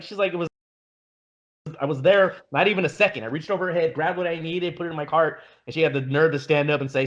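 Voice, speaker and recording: A man co-hosting a casual podcast, relaxed as he tells anecdotes, acting out quotes and swearing. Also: on the high side, fast talker, lo-fi sound. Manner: laid-back, swears, acts out quotes in anecdotes. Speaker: podcast host.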